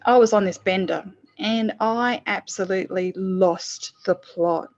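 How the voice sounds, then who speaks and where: A lively middle-aged woman talks through a personal story in a relaxed interview. She slips into acted quotes from her past self. The sound is slightly muffled. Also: medium pitch, a little slow. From lived in the UK. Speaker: podcast co-host, guest. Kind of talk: casual interview chat.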